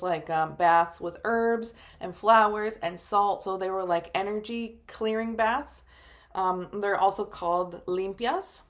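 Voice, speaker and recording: A psychic medium in her thirties tells her personal story to the camera, casual and emotional, with lots of "like" fillers. Her voice is medium in pitch.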